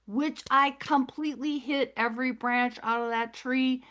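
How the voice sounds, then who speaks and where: A middle-aged woman speaking as a guest, telling her story in a scattered, rambling way. She often loses her thread and breaks off with quick apologies. Her voice sits a little higher than most women's. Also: fairly even intonation, fairly bright tone.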